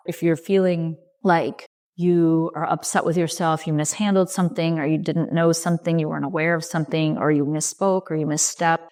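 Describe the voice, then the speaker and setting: Middle-aged woman, lowish voice, soft reassuring podcast coach, slow short phrases. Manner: gentle, reassuring, speaks slowly in short phrases. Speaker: leadership coach and podcast host. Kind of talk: reflective solo podcast talk.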